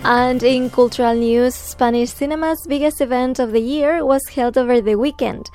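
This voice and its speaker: A woman presenter reading scripted news in a measured, even newsreader delivery. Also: sits high, faint music behind.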